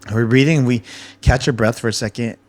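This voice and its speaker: A man telling stories in a casual podcast chat, animated and swearing freely as he acts out what people said. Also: mid-range voice, quick pace. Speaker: podcast guest.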